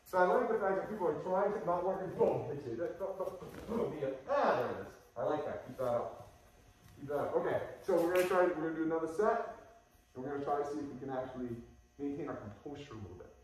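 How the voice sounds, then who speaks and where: Animated male instructor in an echoey hall. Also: a little high, fast talker, a little hiss or hum. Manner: loose, chatty, animated coaching with sudden loud bursts. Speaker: martial arts instructor. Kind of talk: coaching a class. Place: large echoey training hall. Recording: roomy hall, voice from far off.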